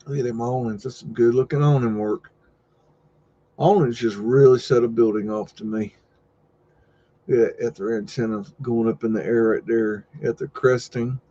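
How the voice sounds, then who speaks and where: A man's voice: medium pitch, fairly even intonation, normal speed, muffled recording. A man hosting a live stream, chatting casually and rambling with jokes while looking over old photos. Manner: rambling, joking, easygoing asides and loud exclamations. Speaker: host.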